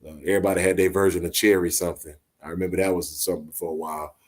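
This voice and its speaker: Soft-spoken man, low and easy. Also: fairly even intonation, rapid-fire. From Orange, Texas. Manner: laid-back, soft-spoken, joking banter. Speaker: live talk show host. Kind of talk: casual late-night chat. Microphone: phone call into live audio show.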